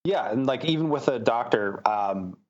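A man's voice: mid-range voice, expressive, normal speed, dull audio. A man answering interview questions as a startup founder, talking with many fillers and restarts.

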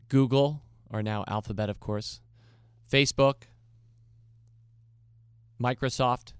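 A man's voice: medium pitch, fairly bright tone, clear, resonant tone, no echo, studio quality. A man from the United States hosting his investing podcast, talking through listener questions in a conversational, upbeat way with the odd light laugh. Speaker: podcast host. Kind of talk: casual solo podcast talk.

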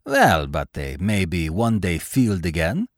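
A man voicing a middle-aged male baron, loud, excitable and hearty. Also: sits low, unhurried, no room sound, studio quality, full character voice. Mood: tickled.

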